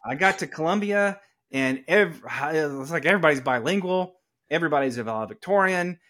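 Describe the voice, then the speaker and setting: A man's voice: on the high side, brisk. A middle-aged man from Atlanta with a Southern accent, telling stories in a conversational podcast interview and acting out the people he quotes. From Atlanta, Georgia, US. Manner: animated storyteller who acts out quoted people. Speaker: attorney, podcast guest. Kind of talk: conversational storytelling.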